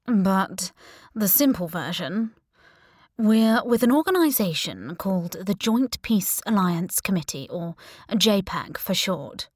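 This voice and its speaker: A woman's voice: mid-range voice, lively intonation, slow pace, no room sound, clean studio sound. A woman voicing a smug male killer. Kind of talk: audiobook character voice.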